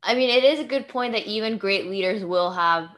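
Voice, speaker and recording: A woman's voice: mid-range voice, a little fast, a bit bright. A woman with a mid-range voice talks casually as a co-host. She thinks aloud in long run-on sentences, with a reflective tone. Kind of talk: casual chat.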